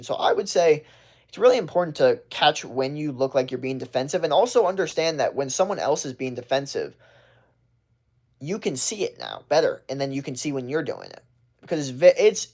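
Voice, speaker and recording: Dude ranting on his livestream, blunt and sweary, keeps restarting, jumps up high when he mimics people. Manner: blunt and profane, rambling with restarts; acts out other people's lines in a higher voice. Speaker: livestream host. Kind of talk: casual livestream rant.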